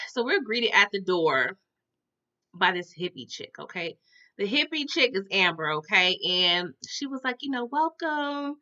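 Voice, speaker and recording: A woman's voice: mid-range voice, very animated, a little slow, bright, forceful tone, highs cut off. A woman recapping a show in a casual, chatty storytelling style, talking straight to her viewers and reacting big. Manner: chatty, addresses viewers as "y'all", exaggerated reactions. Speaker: episode recap host.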